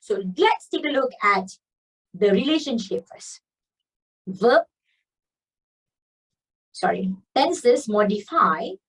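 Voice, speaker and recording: A woman's voice: a little high, expressive, takes it slowly, long pauses, slightly rough, far from the mic, rough recording. A Malaysian woman teaching grammar, mixing English and Malay in a chatty, coaxing way and stretching out key words.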